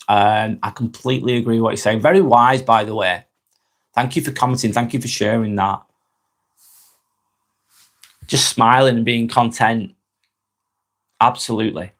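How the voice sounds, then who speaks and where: A young man hosting a casual live stream, reading viewers' comments aloud and answering them frankly and chattily. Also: medium pitch.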